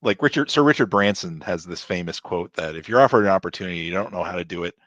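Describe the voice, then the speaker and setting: A male host with a very low voice chimes in with short, encouraging remarks in a casual interview. His recording sounds dull and muffled, with a dry, close feel. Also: expressive, fast, fairly bright tone, no echo. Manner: brief encouraging responses.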